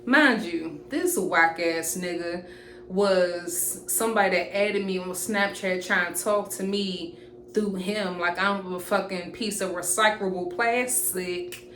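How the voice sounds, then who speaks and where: A young woman, casually telling an animated, profane storytime to camera. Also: fairly low pitch, takes it slowly. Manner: animated, profane, jumps into quoted voices. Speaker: storytime vlogger. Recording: roomy echoey room with faint hiss.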